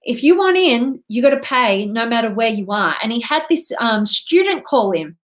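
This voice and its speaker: High-voiced woman coach, bubbly and effusive, reading out viewer comments live. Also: sing-song, normal speed. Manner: gushing, effusive, thanks viewers by name. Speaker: life coach hosting a live training.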